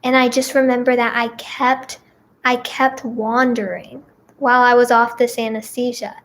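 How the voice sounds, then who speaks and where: A young woman vlogger telling a personal story in a chatty, animated way, full of fillers. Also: a little high, moderate pace, a little hiss or hum. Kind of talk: casual storytime.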